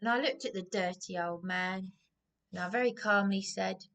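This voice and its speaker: A woman's voice: medium pitch, moderate pace, creaky, fairly bright tone. A woman ranting about personal grievances in a rambling, agitated way, often repeating herself. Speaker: vlogger. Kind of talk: aggrieved personal rant to camera.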